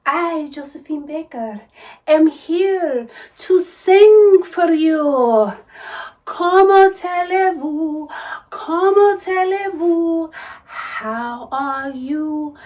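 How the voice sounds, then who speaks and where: A woman playing a flamboyant, flirtatious cabaret-star wannabe, high-voiced and theatrical, sprinkling in French phrases. She draws out her words slowly, as if savoring the spotlight. Music plays behind her over a video call. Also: a little mellow, exaggerated voice. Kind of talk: comedic video-call sketch.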